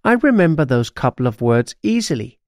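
A woman's voice: sing-song, brisk, darkish tone, no echo, studio quality. A man voicing a stubborn, boastful witch in a storybook reading, giving her a bossy, impatient manner. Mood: dismissive. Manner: bossy and impatient, shrill when upset.

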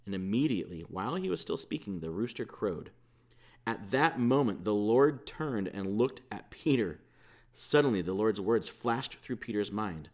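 A man's voice: on the low side, sing-song, unhurried, darkish tone. A man preaching a sermon as pastor, retelling a scripture story in a conversational way with casual asides.

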